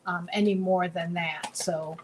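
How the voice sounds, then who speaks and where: A woman's voice: on the low side, fairly even intonation, unhurried, background noise. A woman co-hosting a casual craft tutorial, bubbly and chatty, often repeating her words as she works. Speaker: craft demonstrator and co-host.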